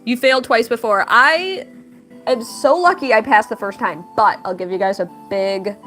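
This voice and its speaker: A young woman with a fairly high voice chats casually to her livestream viewers. She reads chat aloud, laughs often and tells stories animatedly. Soft music plays faintly behind her. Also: normal speed. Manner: animated storytelling with big pitch jumps in quotes. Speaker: livestream host and artist.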